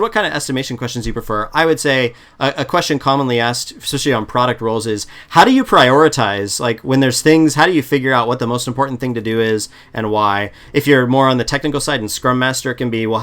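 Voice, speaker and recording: A man coaching on interview prep in a relaxed, chatty way, often restarting sentences, on a video call. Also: medium pitch, clear, resonant tone. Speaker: product management coach. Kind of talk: casual advice chat.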